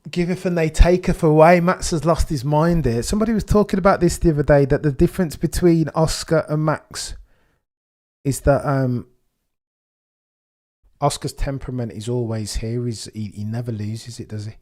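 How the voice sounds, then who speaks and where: A young man talks through a live race for his viewers in a casual, running commentary. He gets excitable and exclaims at the action, and his voice sits at an ordinary middle pitch. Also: normal speed. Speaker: streamer hosting a race watchalong.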